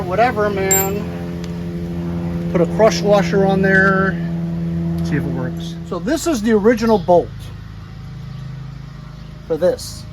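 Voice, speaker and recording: A man's voice: high voice, noisy background. A man vlogging in a casual, rambling way, laughing easily as he talks through his day outdoors. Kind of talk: casual chat.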